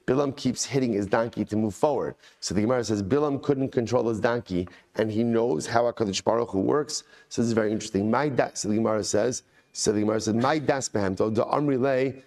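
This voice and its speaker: A rabbi teaching a daily Talmud class, retelling the text in an animated storytelling way with Hebrew and Aramaic quotes. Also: male voice, on the low side, quick pace.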